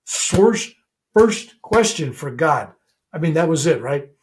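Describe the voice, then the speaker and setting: An older man, a reverend, telling a personal story as a podcast guest. He is animated and acts out the dialogue as he goes. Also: on the high side, takes it slowly, a little hiss or hum.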